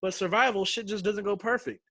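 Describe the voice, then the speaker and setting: Young male guest, bright and lively, slangy storyteller, dry close recording. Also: sits high, fairly quick, no room sound. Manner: animated, acts out quotes with slang and swearing. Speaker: guest telling a survival-show story. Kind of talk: casual storytelling chat.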